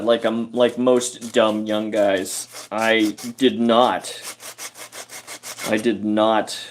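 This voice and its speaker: A man hosting a carpentry livestream, telling a story in a rambling, halting way with many fillers and chuckles. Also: lowish voice, slight background noise. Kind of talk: casual storytelling while working.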